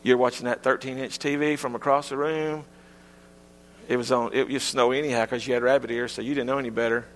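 A man's voice: fast talker, long reverb tail, slight background noise. A middle-aged man preaching a sermon in a folksy, humorous storytelling manner. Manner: folksy, humorous storytelling with lively pitch swings. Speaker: pastor.

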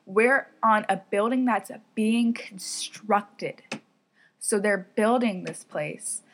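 A woman's voice: mid-range voice, slow pace, fairly bright tone, slight background noise. A young woman hosting a podcast, telling a story in a chatty way, full of fillers and laughs. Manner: chatty, giggly, lots of "like" fillers. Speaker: podcast host. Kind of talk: casual storytelling.

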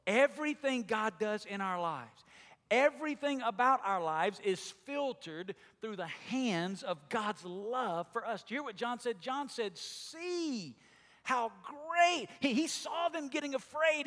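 A man from Alabama with a Southern drawl, preaching a sermon as pastor, moving between loud exclaiming and slow, quiet emphasis. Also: sits high, long reverb tail. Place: church sanctuary.

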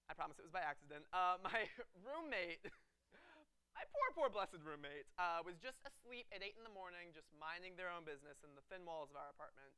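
Bright, animated young preacher man. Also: sits high, clean tone. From Texas. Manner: animated, laughing often, many fillers. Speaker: student pastor. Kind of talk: humorous sermon storytelling. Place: church before a live congregation.

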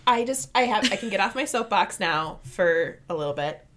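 A woman co-hosting a casual chat, talking in an emphatic, animated, ranting way. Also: mid-range voice, normal speed, slight background noise.

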